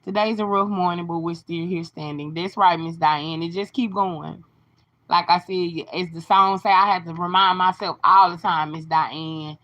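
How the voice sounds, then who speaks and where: A woman's voice: on the low side, steady tone, moderate pace, fairly bright tone, highs cut off. A woman hosting a casual phone live stream, greeting viewers by name and giving encouraging, sermon-like talk. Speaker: livestream host.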